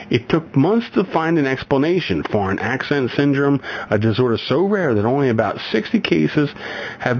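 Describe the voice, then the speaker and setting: A man hosting a radio show, chatting casually and reading a news story aloud with many restarts and chuckles. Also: medium pitch. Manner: rambling, self-correcting, chuckles often. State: getting over a migraine. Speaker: radio host. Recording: slightly dull radio recording, faint background noise.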